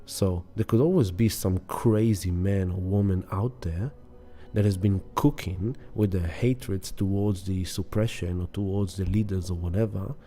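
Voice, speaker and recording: A man's voice: low voice, fairly even intonation, a little slow, dark tone, faint music behind. A man hosting an astrology channel, explaining an astrology chart in a casual, emphatic way and repeating words for effect.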